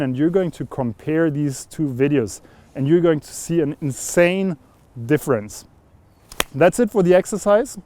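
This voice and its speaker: Speaking directly to camera, a young voice and communication coach walks viewers through a voice exercise in an upbeat, instructive way. His voice sits on the high side with a dark tone, and there's no echo.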